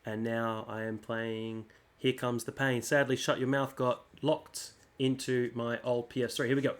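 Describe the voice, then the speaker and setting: A man's voice: mid-range voice, level tone, moderate pace. A man hosting a casual let's-play, chatting through menus and reading the on-screen text aloud. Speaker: gaming channel host.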